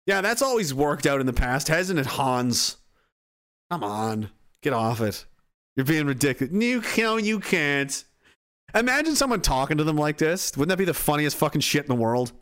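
A man's voice: fairly high pitch, sing-song, normal speed, fairly bright tone. A man giving a casual, rambling monologue, swearing freely and often restarting his sentences. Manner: profane, rambling, self-interrupting.

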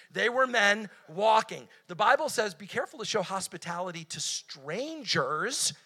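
Middle-aged male preacher, high bright voice, lively, acts out the quotes. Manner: energetic, animated, acts out quotes with sudden pitch jumps. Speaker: guest preacher. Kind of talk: sermon.

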